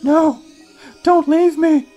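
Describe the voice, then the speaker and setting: A man's voice: fairly even intonation, slow, warm tone, soft background music. A man doing a shrieking terrified young woman. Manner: shrill frantic cries.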